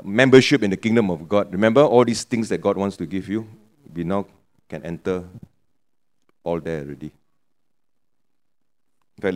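A man from Penang preaching a sermon in a Penang English accent, chatty, with joking asides and local particles. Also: lowish voice. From Penang, Malaysia.

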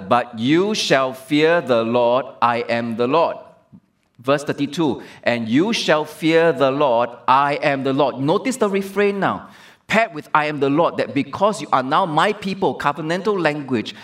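A male pastor delivering a sermon, measured and emphatic, repeating key phrases. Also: medium pitch.

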